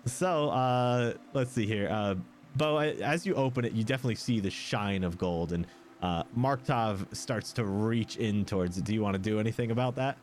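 A man's voice: on the low side, normal speed, a little mellow, slight background noise. A man narrating as game master of a tabletop game, with many fillers and frequent laughs.

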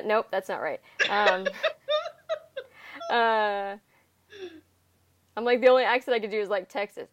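A woman's voice: mid-range voice, normal speed. A woman co-hosting a podcast in a casual, rambling and giggly way. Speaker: podcast co-host.

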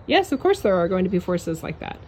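A woman's voice: fairly low pitch, sing-song, a little fast, darkish tone, husky. Blunt, emphatic woman giving a spiritual pep talk. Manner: blunt, emphatic, swears, laughs often. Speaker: spiritual coach. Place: outdoors in a yard.

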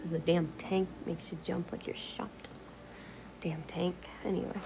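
A woman's voice: lowish voice, flat delivery, brisk, vocal fry. A woman vlogging at home in a casual, rambling way, swearing freely, laughing often and drifting into whispers.

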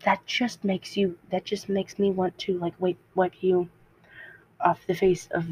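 A woman's voice: fairly low pitch, little pitch movement, measured pace, darkish tone, slight background noise. A teenage girl hosting a podcast, telling a personal story in a rambling, self-interrupting way and laughing at herself. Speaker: podcast host. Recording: dull lo-fi home mic.

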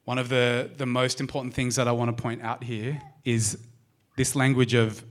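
Animated Australian pastor preaching. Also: male voice, medium pitch, normal speed. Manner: animated, speaks straight to the congregation with questions. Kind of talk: sermon. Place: church service.

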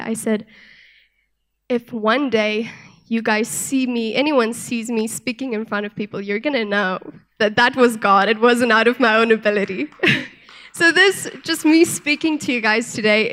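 Young woman, church speaker; soft-spoken, earnest testimony, somewhat high voice. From South Africa. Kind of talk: sermon with personal testimony.

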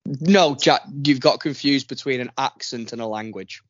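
A man's voice: medium pitch, normal speed, a bit bright, dry recording. Teasing northern English man, dry sound. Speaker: podcast co-host. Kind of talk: casual chat. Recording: dull lo-fi sound.

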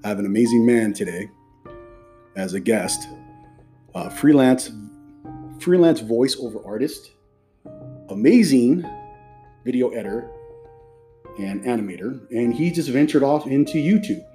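A man's voice: medium pitch, animated, unhurried, long pauses, dark tone, faint music behind. A man hosting a podcast in casual, chatty talk, effusive and full of loose restarts. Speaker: podcast host.

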